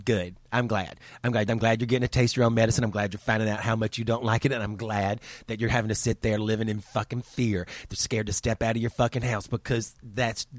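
A man's voice: fairly low pitch, flat delivery, fast, hardly any pauses, no echo. Guy cussing up a storm, angry sarcastic rant, dry close mic. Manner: profane, heated, sarcastic. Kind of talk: angry ranting monologue.

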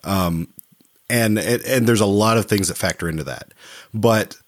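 Male podcast co-host, low voice, hesitant and meandering delivery. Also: moderate pace. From Oklahoma, USA. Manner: hesitant, many restarts and fillers. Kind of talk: casual film discussion.

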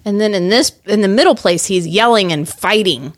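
Give me a woman at a family game night, chatty and animated, describing each gesture as it happens. She has a mid-range voice and a dry, close recording. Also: medium pitch, normal speed, dry recording. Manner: animated play-by-play describing actions. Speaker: game player. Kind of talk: casual game night chat. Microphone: close podcast mic.

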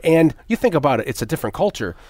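A man's voice: a little high, big pitch swings, rapid-fire, a little mellow, dry recording. A man co-hosting a podcast, chatting casually about a film, rambling with many fillers, restarts and some swearing. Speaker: podcast co-host. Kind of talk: casual movie discussion.

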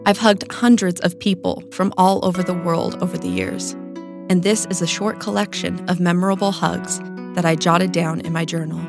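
A woman reading her own personal essay aloud in a calm, measured, sincere way. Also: lowish voice, music in the background.

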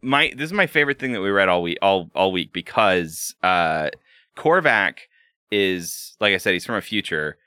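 A man co-hosting a podcast with a lower voice that jumps widely in pitch. He rambles, swears and laughs easily in casual chat. The recording is dry and close. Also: expressive, normal speed, pushed and bright, smooth, no room sound. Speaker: podcast co-host.

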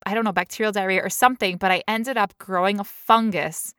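A young woman talks through a story with animated energy and a steady stream of "like". Her voice is bright and forward. The sound is close and dry. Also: mid-range voice, brisk, clear, resonant tone, dry recording. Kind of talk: casual chat.

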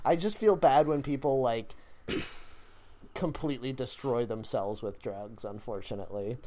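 A person chatting casually on a podcast, relaxed and chatty, often laughing. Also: medium pitch, a little slow. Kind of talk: casual chat.

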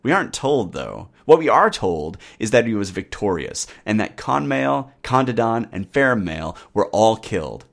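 A man hosts a history podcast in a low, very expressive voice that rises and falls freely. His scripted narration is wry and conversational. He slips in casual jokes. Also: measured pace, gravelly, few pauses.

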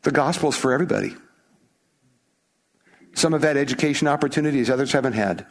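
A man's voice: medium pitch, fast talker. Emphatic, conversational male preacher. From United States. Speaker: pastor. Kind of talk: sermon.

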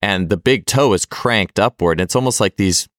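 A man hosts a podcast interview in a relaxed, chatty way. His voice sits very low. The recording is dry and close. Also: normal speed, dry recording. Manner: relaxed, chatty, laughs easily. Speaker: podcast host.

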